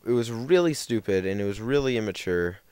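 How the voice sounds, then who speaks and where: A young man with a somewhat low, smooth voice tells a rambling story while playing a game. He keeps stopping to correct himself and leans on fillers. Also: animated, fairly quick, a little mellow. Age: young adult. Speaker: gaming commentator. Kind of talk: casual storytelling over gameplay.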